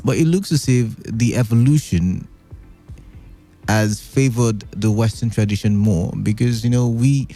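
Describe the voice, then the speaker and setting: A man's voice: medium pitch, a little slow, mellow, faint music behind. A man hosting an evening radio show in a studio, chatty and playful, rambling with lots of fillers. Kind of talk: casual radio talk. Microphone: studio microphone.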